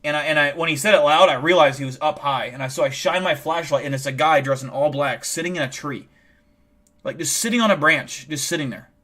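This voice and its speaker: A man with a slightly higher voice tells a long story on his stream, casual and full of swearing. He rambles and restarts his sentences often. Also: fairly quick, a bit bright. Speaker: livestream host. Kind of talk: casual chat and tall tale.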